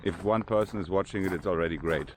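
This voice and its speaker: An older man with a German accent talks fast in a deep voice, chatting casually in rough English as he walks through a large cemetery for his vlog. There's a slight hiss or hum in the background.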